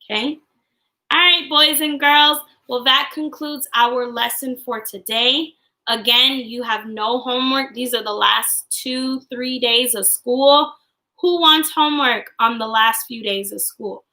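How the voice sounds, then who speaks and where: A young woman teacher leads a class online in a cheerful sing-song voice. She draws her words out slowly and chants along with the children. Her tone is bright, with a gravelly edge. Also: fairly high pitch, fairly even intonation, poor audio. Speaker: kindergarten teacher. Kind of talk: online class livestream, singing and chanting phonics.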